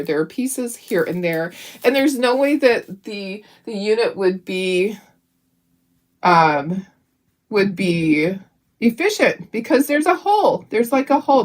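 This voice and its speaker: Chatty woman with a lively voice. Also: mid-range voice. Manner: chatty, tells stories while painting and reads viewer comments aloud. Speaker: craft channel host. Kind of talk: live craft stream chatting while painting.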